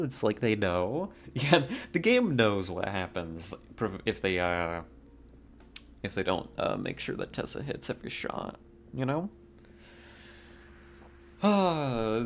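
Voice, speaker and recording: A man's voice: mid-range voice, big pitch swings, a little slow, slight background noise. Rambling, laid-back male game streamer. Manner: chatty and rambling, laughing often at own jokes. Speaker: livestreamer. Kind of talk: casual gameplay chat while streaming.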